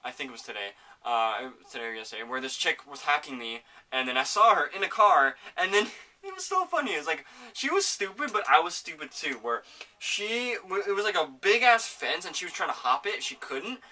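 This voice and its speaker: A man hosting a casual home podcast, rambling excitedly about a video game and swearing often. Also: a little high, fairly quick, distant mic. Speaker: podcast host. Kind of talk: casual gaming chat.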